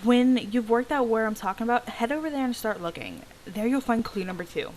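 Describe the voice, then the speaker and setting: A woman's voice: on the high side, lively intonation, fairly quick, darkish tone, a little hiss or hum, lightly acted, low-quality recording. A woman reading the lines of a cheerful young man who runs a treasure hunt in a video game, in her own upbeat voice. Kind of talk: reading game dialogue aloud.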